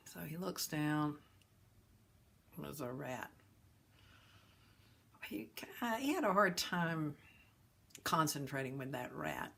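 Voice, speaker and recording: A woman hosting a talk on suffering, telling a parable in a gentle, folksy way. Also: low voice, gravelly. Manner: gentle, folksy storyteller with chuckles. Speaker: host and teacher of a philosophy of ease.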